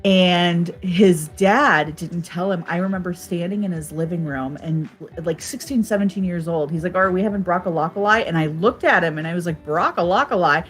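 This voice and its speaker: A woman's voice: on the low side, moderate pace, few pauses, soft background music. A woman co-hosting a live stream in casual chat, telling stories and laughing often. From United States. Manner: laughs often, animated storytelling.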